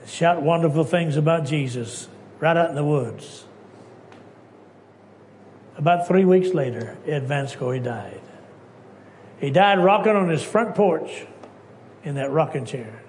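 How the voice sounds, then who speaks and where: A preacher from Texas, telling stories in an emphatic sermon that swings between hushed lines and loud ones. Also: male voice, fairly high pitch, slight background noise.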